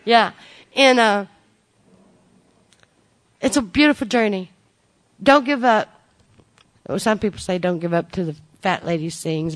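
A woman's voice: medium pitch, measured pace, long pauses. A woman sharing her recovery story with a group. She speaks in a folksy, joking way. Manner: folksy and joking, with frequent "you know" and "y'all". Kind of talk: personal testimony to a recovery group.

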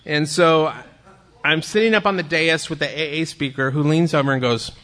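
An older man shares his recovery story in a talk, with a bright, forward voice. His delivery is wry and self-mocking, with campy asides. He lands his punchlines with timing. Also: on the high side, normal speed. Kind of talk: humorous personal storytelling talk.

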